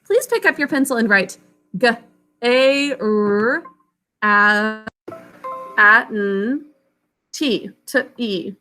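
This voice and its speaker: A woman teaching spelling over a video call, her voice pitched a little high and bright. She speaks slowly and carefully, breaking words into syllables for young pupils. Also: expressive, soft background music. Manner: slow, clear, sounding words out syllable by syllable. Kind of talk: online class lesson, spelling instruction.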